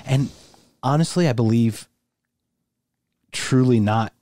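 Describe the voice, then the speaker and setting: A man's voice: medium pitch, takes it slowly, mellow, no echo, clean studio sound. A man co-hosting a podcast in casual conversation, thinking aloud with restarts and emphatic asides. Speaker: podcast co-host.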